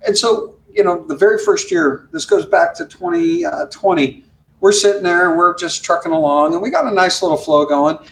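A man, a guest who works as a virtual air traffic controller, telling animated stories and acting out radio calls. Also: high voice, normal speed, low-quality recording. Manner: lively storyteller who acts out radio calls.

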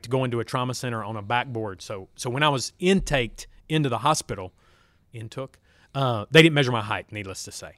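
A man's voice: medium pitch, a bit bright, no room sound, studio quality. A man telling his story as a podcast guest, acting out quoted dialogue. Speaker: podcast guest, former fighter pilot. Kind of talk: storytelling interview. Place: studio. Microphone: studio mic.

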